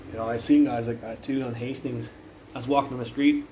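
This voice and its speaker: A young man from the Burnaby area of Canada livestreams from his phone, rambling through casual stories, swearing constantly, and acting out loud yells in his anecdotes. His mid-range voice is brisk with fairly even intonation, and the low-quality recording carries slight background noise.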